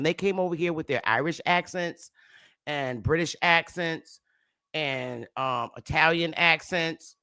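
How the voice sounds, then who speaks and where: A woman's voice: low voice, a bit bright, no echo, studio quality. A woman giving a casual, emphatic lecture to camera, with repetitive, preachy asides. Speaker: self-styled history teacher.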